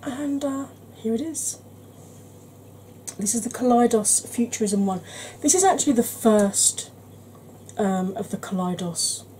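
Mellow woman chatting through makeup. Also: on the high side, unhurried, pauses often, a little hiss or hum, rough recording. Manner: rambling, conversational, drops to soft whispers at times. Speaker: beauty channel host.

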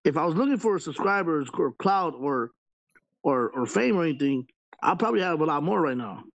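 A man's voice: on the high side, animated, brisk, gravelly, dull audio. A man hosting a live stream panel, venting at length in casual chat and filling his talk with "you know" and "bro".

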